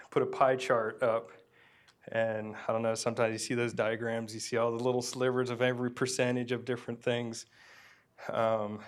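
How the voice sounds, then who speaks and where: Nervous emotional preacher man, flat-toned. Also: medium pitch. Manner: nervous, emotional, halting with fillers; softly murmured prayer. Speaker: pastor. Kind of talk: emotional sermon and prayer.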